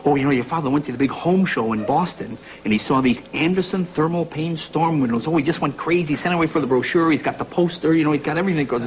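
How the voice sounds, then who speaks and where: A man's voice: a little high, fast, few pauses, highs cut off, slight background noise. A middle-aged man, a talk show guest, telling a comic story and acting out his parents' voices in a TV studio. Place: TV studio with live audience.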